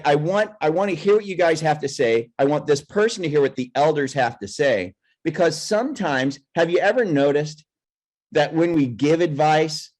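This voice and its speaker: A man's voice: on the high side, a little mellow. Male host, video-call coaching session, encouraging and a bit rambling. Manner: repeats and restarts phrases, pep-talk manner.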